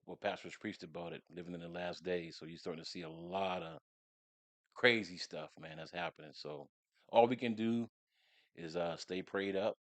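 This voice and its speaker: Deep-voiced male coach, earnest. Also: dry recording. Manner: earnest, plainspoken opinions. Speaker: guest coach. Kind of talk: casual podcast conversation.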